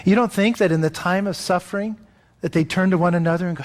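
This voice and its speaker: Conversational preacher, slightly high voice. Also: male voice, quick pace. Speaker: pastor. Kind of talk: sermon.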